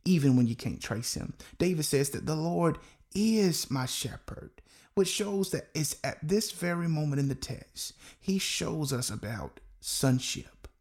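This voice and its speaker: Gravelly-voiced male pastor preaching. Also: a little high, expressive, unhurried, darkish tone. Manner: earnest, repeats key phrases for emphasis. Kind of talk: sermon.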